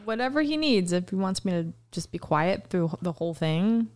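A woman co-hosting a casual podcast, playful and goofy and quick to giggle. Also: mid-range voice, lively intonation, a little mellow. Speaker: podcast co-host.

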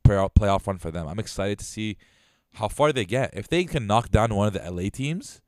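A young man co-hosting a sports podcast, relaxed and agreeable, dropping bro and man into casual talk. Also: on the low side, normal speed, dry recording, clean studio sound. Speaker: podcast co-host.

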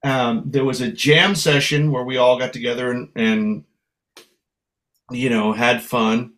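A man from San Francisco, a guest musician telling lively anecdotes in a casual interview. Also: mid-range voice, measured pace. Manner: lively storyteller, acts out voices.

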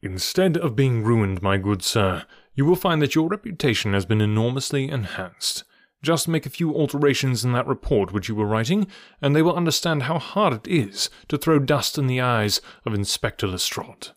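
Brief: man voicing a poised, witty detective, mid-pitched, dry close recording. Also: lively intonation, dry recording, natural voice. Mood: amused. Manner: measured, dryly amused, composed. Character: calm, theatrical, clever detective man.

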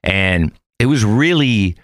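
A man's voice: lowish voice, takes it slowly, dry recording, studio quality. A man from Los Angeles hosting a podcast, telling long rambling stories in casual chat. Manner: animated, rambling storytelling. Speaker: podcast host.

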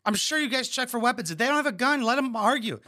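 A man's voice: extremely high pitch, expressive, quick pace, pushed and bright. A man hosting a reaction video, tossing out crude, sarcastic, mocking commentary.

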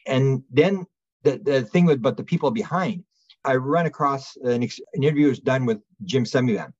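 Man, husky voice, slightly dull lo-fi audio, casual interview guest, rambling animated storytelling. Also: medium pitch, moderate pace. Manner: rambling, animated retelling with many restarts. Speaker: guest, UFO researcher.

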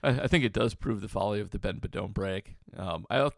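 A man's voice: lowish voice, fast talker, creaky, no room sound, studio quality. A man co-hosting a sports podcast, chatting casually and rambling with restarts. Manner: rambling, self-interrupting. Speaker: podcast co-host.

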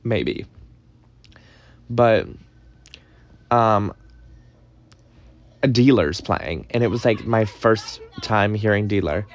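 A man's voice: lowish voice, measured pace, long pauses, no room sound. A young man telling a story in a casual, gossipy way, swearing and dramatic. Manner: gossipy, profane, dramatic retelling. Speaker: podcast host.

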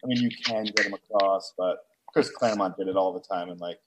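A man's voice: low voice, brisk, heavy background noise. A man in a casual panel chat who talks at length in long, thoughtful run-on turns.

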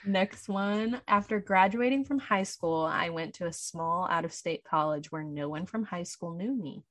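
A woman's voice: lowish voice, normal speed, dry recording. A young woman co-hosting a casual chat, reading confessions aloud, swearing freely and laughing often. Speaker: podcast co-host.

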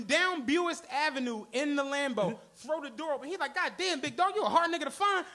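A man spins a profane story for a live crowd, voicing each person he quotes. His voice sits very high and sounds bright and forceful. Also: brisk, hardly any pauses, slight background noise. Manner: animated, profane, acts out the people in his stories. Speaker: podcast co-host. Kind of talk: live storytelling before an audience. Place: stage of a comedy club.

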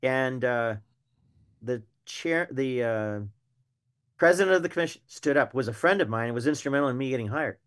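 Older man, a mid-pitched, animated guest storyteller. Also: moderate pace. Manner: animated anecdotal storyteller, emphatic. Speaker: retired wildlife biologist guest. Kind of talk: storytelling in a podcast interview.

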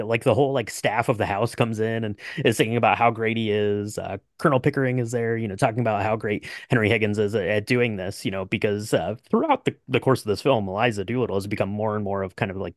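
A man's voice: fairly low pitch, fast talker, dry recording, studio quality. A young adult man co-hosting a podcast, talking casually about a movie with lots of fillers and restarts. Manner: rambling, many fillers and restarts. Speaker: podcast co-host.

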